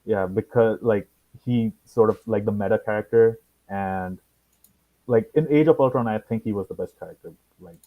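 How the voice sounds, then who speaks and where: A man co-hosting a casual chat over a video call, easygoing and quick to laugh. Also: fairly low pitch, narrow, tinny audio. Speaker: co-host.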